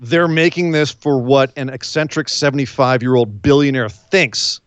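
A man co-hosting a casual wrestling podcast, animated and given to incredulous outbursts and laughter. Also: medium pitch, normal speed, clear, resonant tone, no room sound. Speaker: podcast co-host. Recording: dull lo-fi audio.

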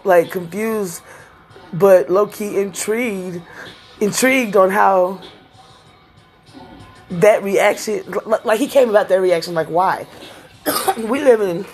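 A woman's voice: medium pitch, slow, long pauses, faint music behind. A middle-aged woman from Texas telling a rambling, profane story in a casual vlog, laughing often. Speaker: vlogger.

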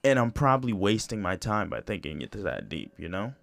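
Low-voiced man rambling on a podcast. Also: sing-song, fairly quick, creaky, a bit bright, no echo. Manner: rambling, profane, full of "you know" and restarts. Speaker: podcast host. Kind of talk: casual solo podcast monologue.

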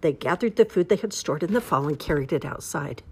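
Woman reader for a children's storybook, low voice, very animated pitch, slow expressive telling. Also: a little hiss or hum. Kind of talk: children's storybook read-aloud.

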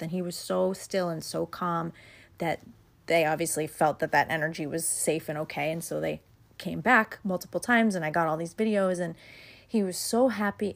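Woman podcast host, lowish voice, candid and reflective monologue. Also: vocal fry. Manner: candid, chatty, self-deprecating.

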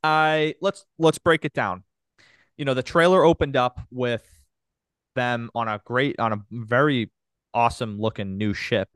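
Man chatting with a smooth voice. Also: medium pitch, unhurried, fairly bright tone, dry recording, studio quality. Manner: enthusiastic, rambling with many fillers. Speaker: podcast host. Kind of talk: casual chat.

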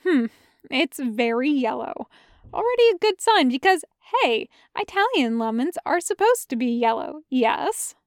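A woman's voice: high-pitched, very animated, unhurried, dry recording, clean studio sound, heavily acted. A woman voicing a cocky young man who vlogs candy reviews, wry and swearing casually. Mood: cheeky.

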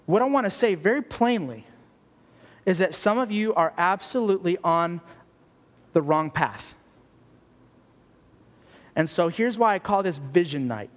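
A man's voice: high voice, expressive, measured pace, long pauses. A man preaching as a youth pastor, blunt, earnest and conversational, peppered with casual "like"s. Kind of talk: sermon. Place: church youth gathering hall. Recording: long hall reverb.

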